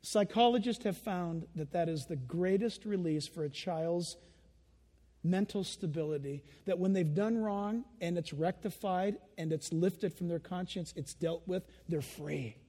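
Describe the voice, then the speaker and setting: A high-voiced male pastor preaching in an animated way, slipping into children's voices and chuckling along. His voice rings out in a church with a long hall reverb. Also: unhurried. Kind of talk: sermon.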